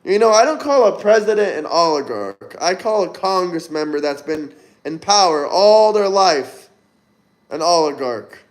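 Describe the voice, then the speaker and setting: A man hosting a casual livestream, reading viewer comments aloud and giving upbeat, chatty shout-outs. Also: high-pitched, animated, measured pace. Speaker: livestream host. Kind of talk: casual live-stream chat reading comments.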